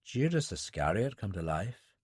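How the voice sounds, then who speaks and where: A man reading an audiobook, voicing a calm, watchful Irish man, a seasoned operative with a dry manner. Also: medium pitch, brisk, no echo, pitched above the performer's own voice, natural voice. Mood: murmuring.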